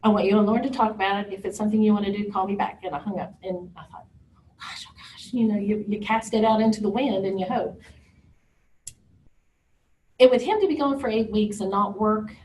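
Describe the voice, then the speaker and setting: A woman speaks candidly and emotionally, telling her own story with vivid, dramatic asides. Her voice sits in an ordinary middle pitch. She is recorded from some distance from the microphone, with a faint hiss underneath. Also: fairly even intonation, quick pace, a little mellow. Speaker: parent sharing a recovery story. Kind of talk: personal testimony talk. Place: event talk room. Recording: distant mic with faint background noise.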